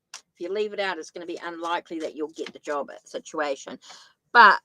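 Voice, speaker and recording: A woman's voice: on the low side, brisk, bright, forceful tone, a little hiss or hum, low-quality recording. A woman with a New Zealand accent giving a live-stream tarot reading, thinking aloud and correcting herself as she goes. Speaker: tarot reader.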